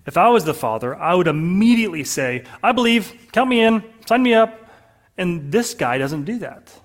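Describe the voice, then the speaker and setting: Earnest male pastor preaching. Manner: earnest, with drops to a soft low voice for emphasis. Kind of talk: sermon.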